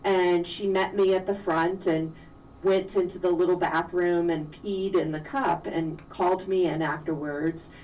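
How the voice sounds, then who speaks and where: Slow-spoken woman physician, distant lo-fi. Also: on the low side, steady tone, a little mellow. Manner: slow, reflective storytelling. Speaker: physician and mother, guest. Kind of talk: storytelling interview. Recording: distant, dull lo-fi sound with faint noise.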